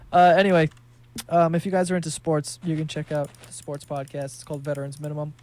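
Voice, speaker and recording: A man's voice: fairly high pitch, level tone, brisk. A man in his twenties hosting a solo podcast, talking in a loose, rambling, profane way with lots of fillers. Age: 20s. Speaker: podcast host.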